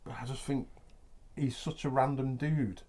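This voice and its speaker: A man, co-hosting a comedy podcast and tossing in quick jokes. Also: medium pitch, fairly even intonation, a little mellow. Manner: joking, quick interjections. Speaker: podcast co-host. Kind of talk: casual banter.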